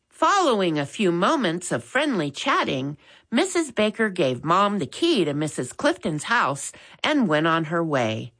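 A woman reading a children's chapter book aloud in a slow, expressive way. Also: lowish voice. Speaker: storyteller.

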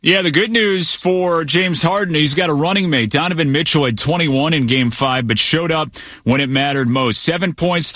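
A man anchors a sports radio news roundup, reading from a script with a brisk, numbers-heavy delivery. His voice sits a little high and sounds bright and forward. The sound is dry and close, with almost no room around it. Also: no echo.

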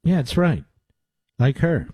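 A man's voice: on the high side, very animated, takes it slowly, mellow, slight background noise. A man hosting a talk radio show, giving emphatic commentary that builds to urgent exhortation. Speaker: radio host.

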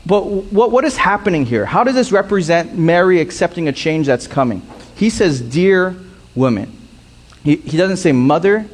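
A pastor delivering a sermon, slowing down to repeat his key points for emphasis. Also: high-pitched, animated.

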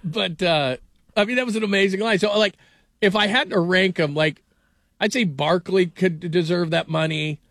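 A man's voice: high-pitched, normal speed, dry recording, studio quality. Chatty man telling sports stories. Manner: rambling storyteller, animated, frequent fillers. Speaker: sports radio host. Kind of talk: casual sports talk.

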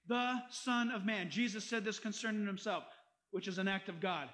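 A man's voice: high-pitched, fairly quick, fairly bright tone, rough recording. A man preaching a sermon as pastor, reading scripture and driving points home with rhetorical questions.

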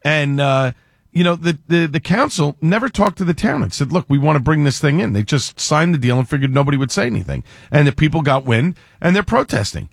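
A man's voice: a little high, lively intonation, a little fast, gravelly, slightly rough, no room sound, studio quality. A man giving casual political commentary as a radio guest, rambling with many fillers and restarts, and quoting others in put-on voices.

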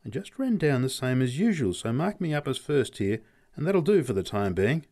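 A man's voice: mid-range voice, very animated, moderate pace, dark tone, pitched above the performer's own voice. A man voicing a short-tempered older milk carter who barks and swears. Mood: sheepish. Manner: curt, snapping, swearing.

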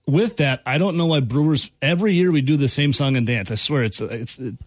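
A man's voice: mid-range voice, fairly quick, no room sound. A man hosting sports talk radio in a studio, joking and giving blunt opinions. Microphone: studio mic.

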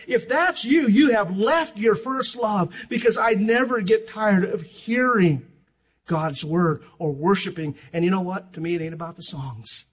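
An older man preaching a sermon as pastor, fervent and emphatic, swinging from loud to hushed. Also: sits high, a little slow, slightly rough.

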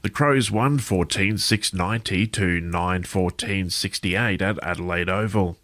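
A man reading a radio news bulletin in a steady, measured delivery. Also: low voice, no room sound. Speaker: newsreader.

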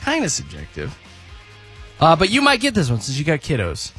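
A radio host leads a phone-in game with a lively, swinging delivery. The tone is upbeat and teasing, and faint music plays underneath. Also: medium pitch, normal speed. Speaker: radio morning show host. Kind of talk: radio call-in game hosting.

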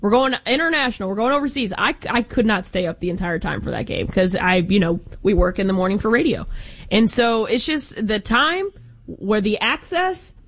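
A woman from Austin, Texas, co-hosting a sports talk show in a quick, playful, chatty way. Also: mid-range voice, expressive, fairly bright tone, poor audio. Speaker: sports radio co-host.

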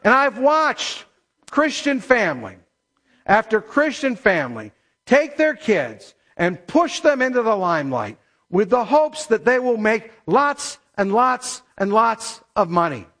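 A man preaching a sermon as pastor, emphatic, slowing down to stress scripture. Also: high voice, fairly bright tone. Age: middle-aged or older.

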